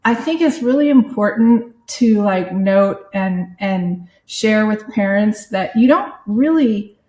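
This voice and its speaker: A woman's voice: medium pitch, lively intonation, slow pace, warm tone. A woman guest on a podcast, speaking reflectively with frequent hesitations. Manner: reflective, hesitant, many fillers. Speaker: guest, sports parenting website founder. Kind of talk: casual conversational interview. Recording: echoey room.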